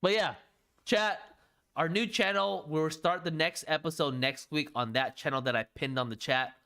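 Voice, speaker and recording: A man's voice: on the high side, normal speed, sharp tone, clear, resonant tone. A man co-hosting a casual livestream show, rambling, often talking to chat and laughing. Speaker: podcast co-host.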